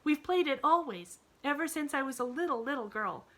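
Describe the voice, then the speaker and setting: A chirpy little girl bursting with eagerness, as a woman reads her aloud for a storybook. The voice is high and airy, with a bright, clear ring and a lilting, singsong swing. Bubbly and breathless, she rushes along, full of sunny delight. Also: animated. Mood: cheerful.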